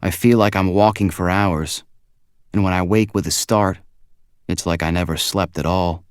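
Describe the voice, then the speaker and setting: Deep-voiced man narrating an audiobook. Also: steady tone, normal speed, clean tone, no echo, clean studio sound. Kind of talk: first-person audiobook narration.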